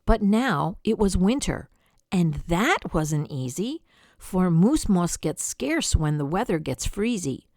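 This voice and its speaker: An older woman reading a rhyming picture book aloud, dramatic with soft whispered asides. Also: on the low side, big pitch swings, takes it slowly, no echo, studio quality. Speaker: storyteller.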